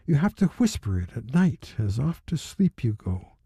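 A man reading the lines of a stern old wizard in a children's poem, measured and instructive. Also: medium pitch, big pitch swings, mellow, breathy edge, no echo, clean studio sound, heavily acted. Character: stern old male wizard giving a spell.

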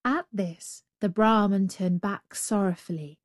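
Slow measured woman storyteller. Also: mid-range voice, no echo, studio quality. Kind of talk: storybook narration.

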